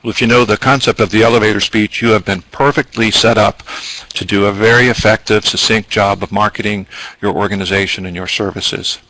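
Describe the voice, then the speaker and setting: A man's voice: lowish voice, fairly even intonation, fairly quick, bright, forceful tone, dry recording, rough recording. A man presenting a business training webinar, explaining at length with ums and asides.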